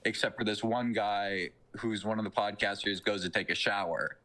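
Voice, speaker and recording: A man's voice: on the low side, steady tone, normal speed, pushed and bright. Young man rambling through a story. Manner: rambling retelling full of fillers and swearing. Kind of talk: casual chat.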